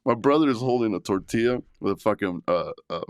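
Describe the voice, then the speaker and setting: Low-voiced man telling stories. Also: fast talker, smooth, no echo, studio quality. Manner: profane storytelling, loud animated retellings. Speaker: podcast host. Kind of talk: casual podcast chat.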